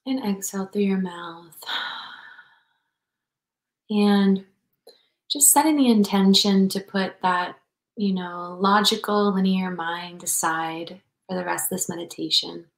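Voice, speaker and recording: A woman leading a guided meditation in a soft, slow, soothing voice over a video call. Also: mid-range voice, fairly even intonation, vocal fry, echoey room, rough recording. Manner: soft, slow and soothing, speaks softer as it goes.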